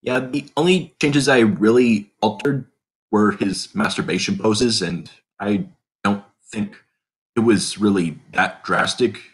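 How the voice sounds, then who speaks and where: Man, low-pitched voice, casual podcast chat, rambling, self-correcting. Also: unhurried. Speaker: podcast co-host, character creator.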